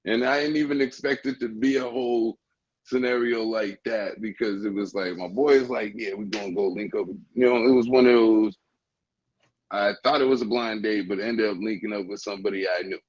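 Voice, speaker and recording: A man with a low, husky voice tells a story on a podcast. He is laid-back and laughs as he talks. The sound is dry and a little muffled. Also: fairly even intonation, fairly quick, dry recording. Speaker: podcast co-host. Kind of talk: casual storytelling chat. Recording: dull, slightly muffled podcast audio.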